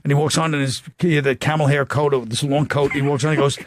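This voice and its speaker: A man's voice: fairly high pitch, steady tone, fast, slight background noise. A man from New York with a New York accent, a guest comedian in casual chat, rambling through anecdotes and acting out what people said. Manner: rambling anecdotes with acted-out quotes.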